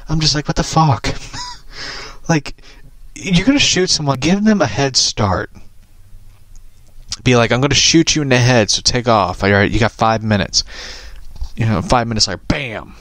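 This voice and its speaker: This vlogger has a lowish voice with no echo. He chats loosely about a film he saw, cursing a lot and cracking himself up with his own comments in an animated way.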